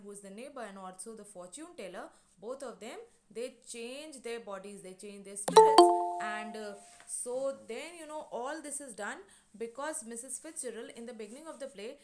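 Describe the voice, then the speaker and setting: A woman teacher explaining a lesson online, retelling and paraphrasing in a hesitant, halting way. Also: a little high, darkish tone. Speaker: English teacher. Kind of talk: online class lecture.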